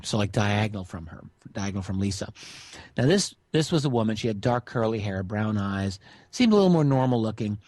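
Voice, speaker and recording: A middle-aged man on a radio interview, telling a witness's strange story in a relaxed way with many fillers. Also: lowish voice, dry recording. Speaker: guest researcher.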